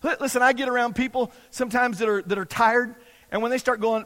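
A man delivers an emphatic sermon in a very high voice, hammering points home through repetition. His words ring out with a long reverb from a large hall. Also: fairly even intonation, fast, a bit bright. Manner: repetitive, emphatic preaching with acted-out quotes. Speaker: pastor.

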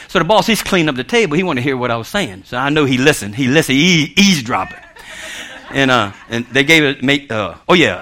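Lively, animated preacher man. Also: a little high. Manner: animated, laughing, acts out voices in his stories. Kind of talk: storytelling sermon.

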